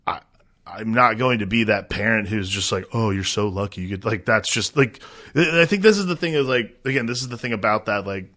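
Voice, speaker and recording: A man's voice: lowish voice, fairly quick, bright, forceful tone. A man co-hosting a podcast, chatting casually about a film and his own parenting, in a rambling way with many fillers. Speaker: podcast co-host. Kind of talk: casual film review chat.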